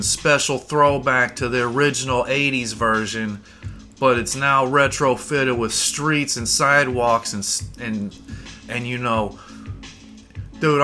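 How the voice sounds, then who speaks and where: Podcast host, male, bright forceful tone, rambling profane comic monologue, faint music under the voice. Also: mid-range voice. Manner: profane, rambling, mock-boastful. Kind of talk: comedic rant monologue.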